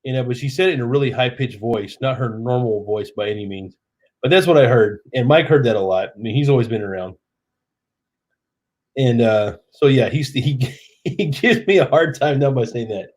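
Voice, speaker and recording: A man's voice: mid-range voice, animated, moderate pace, a little mellow. Tipsy man hosting a live stream. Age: 30s. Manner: chatty and rambling. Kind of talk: casual live stream chat.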